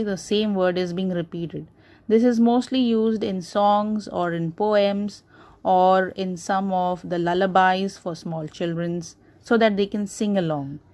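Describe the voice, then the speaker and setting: Woman teacher, Indian English accent, slow and patient, repeats examples for kids. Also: medium pitch, a little mellow. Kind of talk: classroom grammar lesson.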